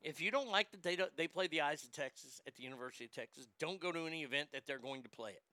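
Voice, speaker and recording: Male sports host, profane rant, stammering repeats, sharp bright tone, dry close sound. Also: on the high side, very fast, no room sound. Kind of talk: ranting monologue.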